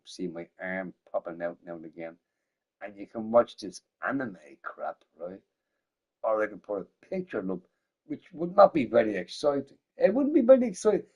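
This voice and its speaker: A drunk man chatting on a gaming livestream, loose and rambling. He lurches from loud, shouted bursts down to low mumbles, swears constantly and says most lines twice. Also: highs cut off. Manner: swears a lot, laughs often, repeats himself. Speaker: gaming streamer. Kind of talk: rambling casual livestream chat.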